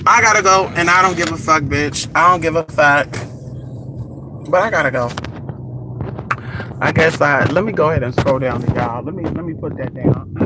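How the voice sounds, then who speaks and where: Using a phone mic indoors, away from home, a California livestreaming vlogger rants brashly and profanely, talking back to his viewers. His voice is a little high, at a moderate pace with frequent pauses, under heavy background noise.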